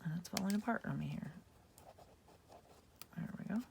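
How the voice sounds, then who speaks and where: A woman's voice: mid-range voice, moderate pace, vocal fry, background noise. A woman hosting a casual craft tutorial, chatting and thinking aloud as she works at home. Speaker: craft channel host.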